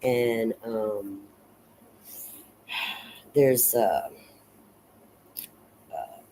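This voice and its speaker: A woman casually recapping and analyzing a film in a rambling, unhurried way, full of fillers and restarts. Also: very deep voice, expressive, warm tone, a little hiss or hum, rough recording. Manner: unhurried and reflective. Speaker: film reviewer.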